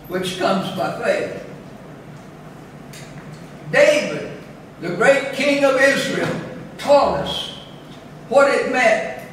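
A man preaching a sermon as pastor, slow and deliberate, lifting his voice on scripture readings. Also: very high voice, fairly bright tone. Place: church chapel. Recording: echoey chapel from a distance, faint room noise.

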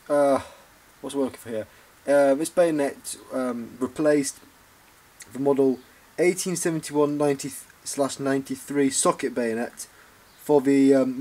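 A man's voice: mid-range voice, mellow. A man with a Yorkshire accent hosting an informal hobby review video, talking hesitantly with frequent ums and self-corrections. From Yorkshire, England. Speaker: bayonet collector and reviewer.

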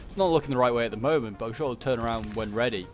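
A man's voice: medium pitch, very fast, faint music behind. A man casually commenting on a strategy game battle, rambling with lots of fillers. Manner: chatty and rambling, many fillers like "like" and "uh". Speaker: gameplay commentator.

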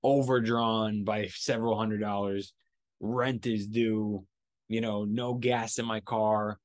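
A man hosting his own podcast, telling a story in a casual, animated and profane way, acting out what people said. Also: fairly low pitch, takes it slowly, dry recording, clean studio sound. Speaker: podcast host.

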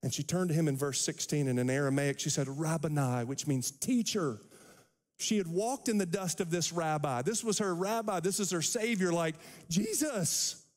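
A man pastor preaching a sermon, animated, acting out the quotes from scripture. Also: on the high side, normal speed. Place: church sanctuary. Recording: long hall reverb.

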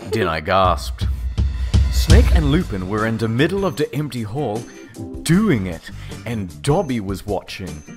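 Deep-voiced man reading with mock drama. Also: slow pace, music in the background. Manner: deadpan delivery of absurd text, sarcastic. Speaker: narrator.

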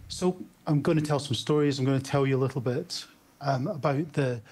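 Scottish man, fifties, husky voice, dry close sound, candid storytelling talk over video call. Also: mid-range voice, darkish tone, no echo. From Scotland. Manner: candid, anecdotal, with small restarts. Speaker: emergency medicine doctor giving a conference talk.

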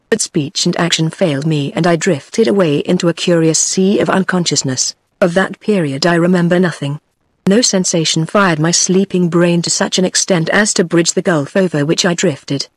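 A text-to-speech voice of a woman with a British English accent, reading a novel aloud with dialogue in the same even tone as the narration. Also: on the low side, no room sound, studio quality. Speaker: audiobook narrator.

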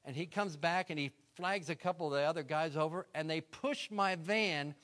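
A man's voice: on the high side, normal speed, a bit bright. A middle-aged man, a guest speaker, telling a story in a sermon and acting out his own prayers.

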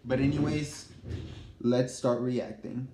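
A man's voice: medium pitch, steady tone, slow pace. A man hosting a YouTube reaction video, chatting casually in hyped, slangy talk. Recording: echoey room with faint noise.

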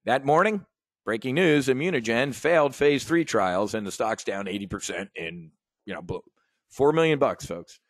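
A man's voice: medium pitch, lively intonation, moderate pace, dry recording. Brash, swaggering man telling trading stories. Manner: brash, swaggering storytelling with profanity; talks straight to the audience. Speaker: trading educator and host. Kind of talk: animated sales pitch monologue.

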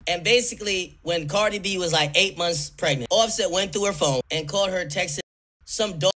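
A man's voice: high-pitched, moderate pace, pushed and bright. A man telling celebrity gossip in loose, profane, stumbling commentary. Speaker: streamer.

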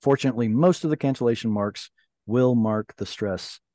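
Mellow-voiced man teaching Hebrew. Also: mid-range voice, normal speed, no room sound. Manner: patient, explanatory. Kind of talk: online class discussion. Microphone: video call.

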